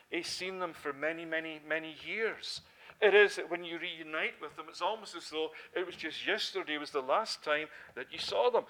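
A Scottish man in middle age delivers a sermon in a voice pitched fairly high for a man. He preaches with emphasis, posing rhetorical questions and answering them himself. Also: bright, forceful tone. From Scotland.

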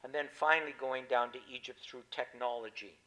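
A pastor preaching a sermon, with emphatic stresses that rise loud and then drop quiet. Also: male voice, medium pitch, steady tone, fairly quick, rough recording.

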